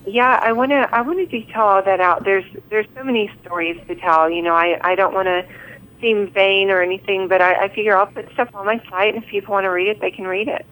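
A woman guest in a casual interview, who pauses and repeats words while she thinks, heard over a thin phone line. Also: medium pitch, fairly even intonation, fairly bright tone.

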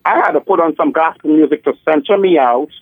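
This man in his 40s, a drag queen guest, talks quickly in a slightly high voice, dry in the recording. Heard through a telephone with a tinny, dry sound, the casual interview finds him sassy and theatrical, calling people honey and darling.

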